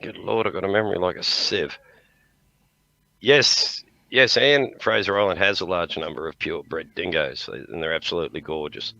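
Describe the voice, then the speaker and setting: An older Australian man chats loosely with his viewers and coos at his dog between stories, wandering from one thought to the next. His voice sits very low with a gravelly, fried texture and a bright edge on top. The sound is dry and dull, like a lo-fi stream mic. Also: normal speed, dry recording. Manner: chatty and rambling, talks fondly to his dog. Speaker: livestream host. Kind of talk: casual chat.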